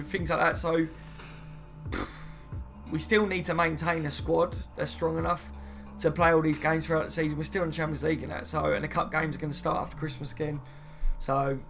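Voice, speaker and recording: A man's voice: on the high side, vocal fry, fairly bright tone. A man hosting a casual live stream, chatting loosely and reading viewers' comments aloud before answering them. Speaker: fan channel host.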